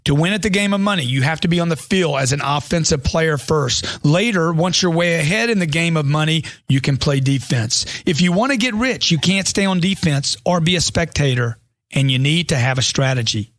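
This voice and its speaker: A man's voice: a little high, animated, a little fast, fairly bright tone, no echo, studio quality. A man reading a money self-help book aloud as scripted audiobook narration, in an emphatic motivational way that leans on rhetorical questions.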